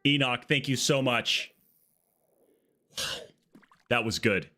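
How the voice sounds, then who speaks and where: Excitable male game streamer. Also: mid-range voice, a little slow, pauses often. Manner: excitable, jokey, talks to chat. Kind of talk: casual live-stream commentary.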